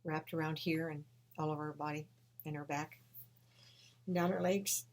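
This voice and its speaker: A woman telling a personal story with emotion, swinging between hushed and loud. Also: deep voice, steady tone, normal speed.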